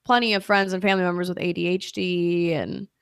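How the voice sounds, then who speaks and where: A woman comedian chatting as a podcast guest, brash and animated, swearing freely as she tells stories. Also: on the low side, brisk, clean tone, no echo, studio quality. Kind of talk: casual podcast chat.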